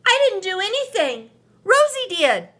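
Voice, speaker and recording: A woman voicing a stubborn, upset little boy in a storybook, loud and pleading. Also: extremely high pitch, very animated, measured pace, pitched above the performer's own voice, full character voice. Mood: insistent.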